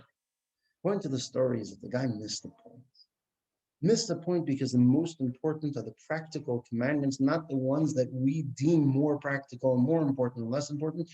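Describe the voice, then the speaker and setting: A man, as a rabbi, giving a Torah class who tells a story with animated delivery and frequent restarts. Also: medium pitch, normal speed, rough recording.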